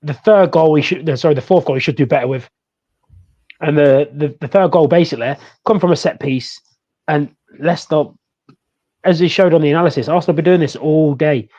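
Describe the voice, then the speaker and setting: A man talks football as a podcast co-host, chatty and animated. His voice is mellow and sits a little high. The recording has a dull, lo-fi sound. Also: fairly quick. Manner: chatty, animated, laughs easily. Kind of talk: casual football chat.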